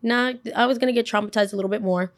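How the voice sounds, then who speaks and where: A young adult woman hosting a podcast, telling a personal story in a casual, animated way with frequent swearing. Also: mid-range voice, racing. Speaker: podcast host.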